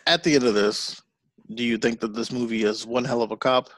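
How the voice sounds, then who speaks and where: A man's voice: mid-range voice, fairly even intonation, fairly quick, dry recording. A man co-hosting a podcast, chatting casually about a movie with sarcastic, profane jokes. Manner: sarcastic, profane, joking asides. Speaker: podcast co-host. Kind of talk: casual chat reviewing a movie.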